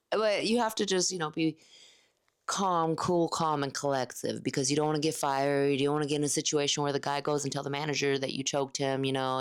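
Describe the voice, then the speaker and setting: A woman in her late thirties telling a candid, animated story about a night at work. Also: deep voice, clean tone. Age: 30s. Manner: animated, candid, acts out quoted lines. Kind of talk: casual storytelling vlog.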